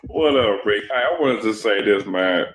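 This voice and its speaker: Low-voiced man calling in, roomy sound. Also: animated, unhurried, fairly bright tone, a little hiss or hum. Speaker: caller.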